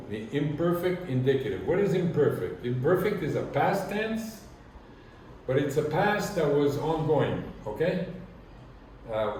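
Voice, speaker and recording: A man's voice: mid-range voice, darkish tone, a little hiss or hum. A man teaching a language lesson, speaking patiently and checking in often with his students. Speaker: Spanish teacher. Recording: echoey room from far off.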